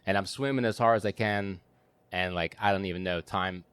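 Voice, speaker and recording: A man with a fairly low voice tells a story in a loose, animated way, full of fillers and bursts of laughter. The sound is dry and close, with no room around it. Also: a little fast, clean tone, dry recording. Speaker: podcast guest. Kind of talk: casual storytelling.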